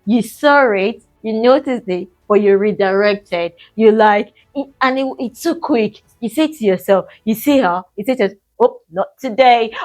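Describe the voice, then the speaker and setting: A woman's voice: medium pitch, moderate pace, hardly any pauses, a little mellow, faint music behind. A middle-aged woman giving a casual mindset coaching talk, chatty and encouraging, addressing the listener as "sis".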